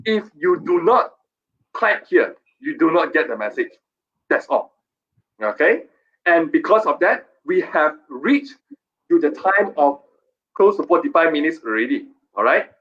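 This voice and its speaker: A man hosts a live stream, his fairly high voice swinging up and down with lively energy. He coaxes and playfully scolds his viewers, repeating himself as he drives a sales pitch. The sound is dull and lo-fi. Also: measured pace. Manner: animated, repetitive, playfully scolding.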